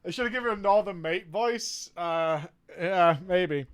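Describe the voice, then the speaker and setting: A man's voice: high voice, measured pace, fairly bright tone, clear, resonant tone. A man streaming a game, chatting casually, rambling and swearing as he searches for words. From United Kingdom. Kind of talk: casual chat while gaming.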